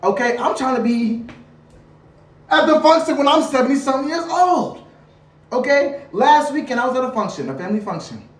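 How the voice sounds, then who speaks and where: Animated young woman in a roomy space. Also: sits high, a little fast. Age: 20s. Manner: dramatic, loud rhetorical questions, playful slang. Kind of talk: animated rant to camera. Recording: roomy, a bit far from the mic.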